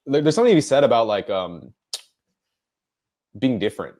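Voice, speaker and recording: A man's voice: mid-range voice, very animated, fairly quick, a little mellow. A young man, co-hosting a casual debate podcast and rambling with many fillers and restarts. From United States. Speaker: podcast co-host.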